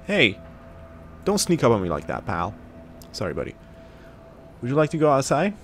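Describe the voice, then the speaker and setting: A man's voice: mid-range voice, wildly swooping pitch, normal speed, fairly bright tone, slight background noise. A man giving casual, jokey commentary while he plays a video game, talking back to the characters and reading the game text aloud. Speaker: gaming video creator. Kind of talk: casual let's play commentary.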